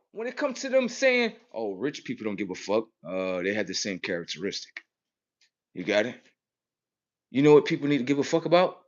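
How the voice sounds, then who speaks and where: A man in a profane, aggressive street rant, cursing and mocking, swinging between loud outbursts and low mutters. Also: highs cut off. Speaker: vlogger.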